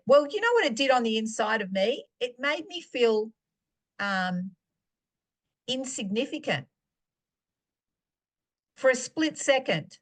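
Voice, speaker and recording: A woman preaching in a fairly high voice. She tells stories from her own life and acts out the lines she and others said. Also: expressive, moderate pace, pauses often. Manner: storytelling, acting out her own dialogue. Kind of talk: personal teaching talk.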